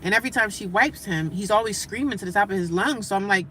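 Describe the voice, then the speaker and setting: A woman livestreaming casual talk from her daily life, animated and emphatic, repeating her points and breaking off to greet passersby. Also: medium pitch, fast talker, a little hiss or hum. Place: homeless shelter area.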